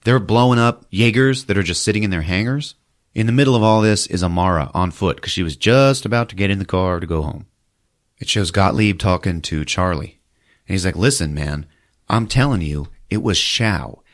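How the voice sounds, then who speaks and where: A man with a very low voice hosts a comedy podcast, retelling a film's plot with loose, animated energy. He keeps breaking into squeaky put-on voices for the characters. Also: a little fast. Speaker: podcast host recapping a movie. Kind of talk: comic movie recap.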